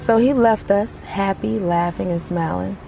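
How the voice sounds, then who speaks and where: An actress playing a grieving wife who remembers her late husband, speaking in a reflective, halting, soft-spoken way. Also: mid-range voice, gravelly, highs cut off, a little hiss or hum. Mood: wistful. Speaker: grieving widow. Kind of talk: film monologue.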